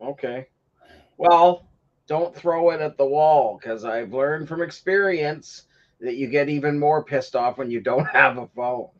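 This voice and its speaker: A man with a slightly raised pitch hosts a casual livestream chat, drawling his words slowly. He rambles through stories and keeps dissolving into laughter. The audio is dull and lo-fi. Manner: rambling storyteller who laughs often. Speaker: podcast host.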